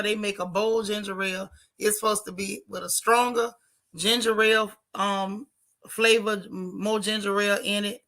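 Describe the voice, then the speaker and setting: Woman streamer, bright and teasing, casual chat. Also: mid-range voice. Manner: chatty, teasing, dramatic exclamations. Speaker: vlog host reading chat.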